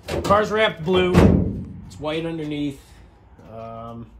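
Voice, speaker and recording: A man's voice: fairly high pitch, animated, takes it slowly. Casual swearing man in a noisy garage. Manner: casual, swears, rambling with fillers. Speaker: garage vlogger. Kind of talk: casual walkaround chat. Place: small home garage.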